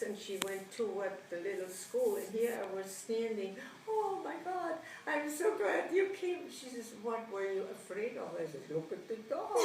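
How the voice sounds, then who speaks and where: An older woman, recounting her childhood in an animated oral-history interview, often laughing and acting out what people said. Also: on the high side. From Germany. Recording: roomy, distant mic, faint noise.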